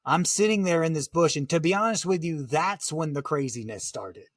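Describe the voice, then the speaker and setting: A man talking through a dramatic survival story in conversation, halting and full of fillers. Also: a little high, expressive, no echo, studio quality. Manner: vivid, halting retelling with many "like" fillers. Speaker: guest, motivational speaker.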